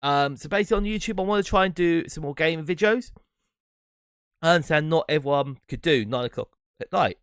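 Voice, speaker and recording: Talking alone on his own podcast, this host and streamer rambles reflectively in a casual monologue and laughs every so often. He sounds on the high side, expressive, brisk, smooth and fairly bright. The studio-quality recording has no room sound.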